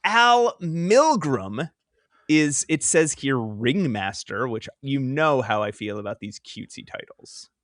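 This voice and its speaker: A man co-hosting a casual comic book podcast, recapping plot in a rambling way with self-interruptions and quick jokes. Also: medium pitch, animated, fairly bright tone, no room sound, clean studio sound. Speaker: podcast co-host.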